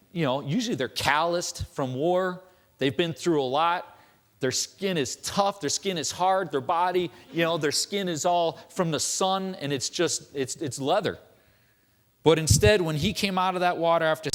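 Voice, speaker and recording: A man's voice: a little high, a bit bright. Conversational man preaching in church. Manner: conversational storytelling with rhetorical questions. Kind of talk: sermon.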